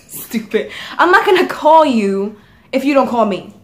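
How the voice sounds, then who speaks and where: A woman's voice: high-pitched, big pitch swings, a little slow. A young woman vlogging in casual chat, talking bluntly and swearing freely as she rants. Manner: blunt, profane, ranting.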